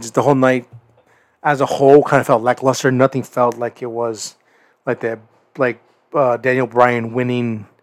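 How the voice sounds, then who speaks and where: A man's voice: medium pitch, no echo. A young man hosting a podcast, reviewing a wrestling event in a casual, rambling way full of restarts and repeated words. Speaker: podcast host.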